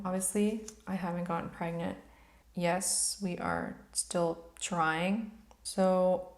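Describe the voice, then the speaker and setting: Chatty woman vlogging in an echoey room. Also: fairly low pitch. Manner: candid, chatty, emotional at times. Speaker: beauty vlogger. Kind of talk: casual chat while doing makeup.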